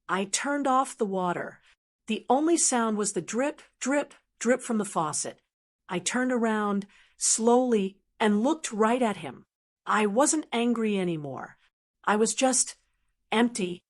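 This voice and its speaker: A woman in her sixties narrating a first-person family story in a measured, steady way. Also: on the high side.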